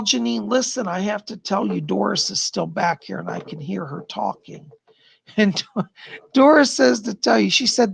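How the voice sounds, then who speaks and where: Gravelly-voiced man hosting a livestream. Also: high voice, dry recording. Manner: chatty, thanks donors warmly, relays spirit messages. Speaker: psychic livestream host. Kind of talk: live-stream chat readings.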